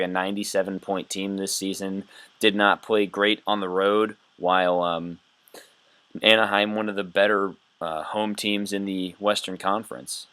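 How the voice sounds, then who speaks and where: A man's voice: lowish voice, sharp tone, clean tone, no room sound. A man hosting a casual sports podcast, running through stats and game previews in a broadcaster's manner. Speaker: podcast host.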